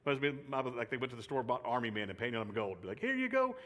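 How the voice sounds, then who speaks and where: A man's voice: mid-range voice, quick pace, fairly bright tone. A man giving a chatty, joking youth sermon full of personal stories, repeating phrases for effect. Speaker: youth speaker. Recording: long reverb of a large hall.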